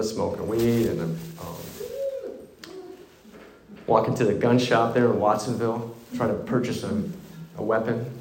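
A man's voice: lowish voice, roomy sound, slight background noise. A middle-aged man telling a candid, self-mocking story of his own recovery, with wry humor. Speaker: recovery speaker.

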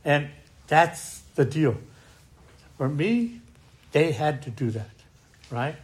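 A man with a slightly higher voice shares his own recovery testimony. He talks emphatically, often tags his sentences with "right?", and slows down and climbs in pitch when anger comes up. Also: sing-song. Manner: emphatic, rising and slowing when angry, tag questions "right?". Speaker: speaker sharing at a recovery meeting.

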